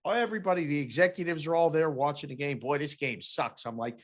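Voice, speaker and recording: Animated man telling a sportsbook story. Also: a little high, brisk, hardly any pauses. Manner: animated storyteller who acts out quoted people. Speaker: podcast co-host, former sportsbook oddsmaker. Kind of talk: casual chat, storytelling.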